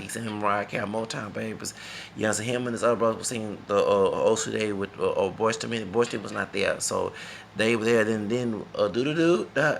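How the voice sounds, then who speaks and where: A man's voice: on the low side, vocal fry, fairly bright tone, a little hiss or hum. A man from Texas, talking in a rambling, emphatic casual monologue that repeats itself and slips into Spanish phrases. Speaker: vlogger.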